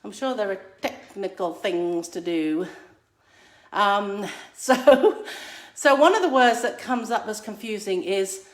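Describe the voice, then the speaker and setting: Speaking slowly at a medium pitch, a woman from England chats casually with her viewers in a home vlog. She films on a phone held out at arm's length, tossing in playful asides that sound like a teacher's, all in an echoey room.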